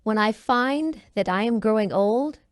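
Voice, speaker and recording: A woman's voice: on the high side, expressive, measured pace, no echo, clean studio sound. A woman voicing a vain young man who dreads growing old, speaking in a pleading, anguished way. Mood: bitter.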